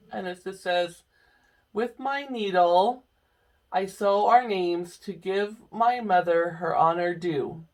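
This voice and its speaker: A woman's voice: on the low side, fairly bright tone, distant mic. A middle-aged woman chatting casually to camera about her cross-stitch projects, rambling and laughing often. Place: home room.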